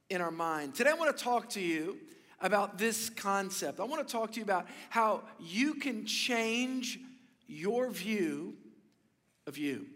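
A man preaching a sermon as pastor to several campuses, telling a story and acting out its shouted lines. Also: sits high, in a large hall.

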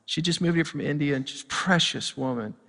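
A man's voice: on the high side, brisk, creaky, sharp tone, big-room sound. A middle-aged male pastor preaching a sermon, telling a story and building to fired-up preaching. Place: church sanctuary.

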